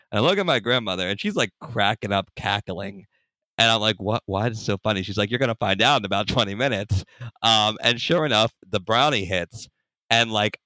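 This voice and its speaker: A young man, a podcast guest, telling a personal story in a casual, animated way, acting out the people in it. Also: lowish voice, clean tone, dry recording, clean studio sound. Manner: animated, acts out voices in anecdotes.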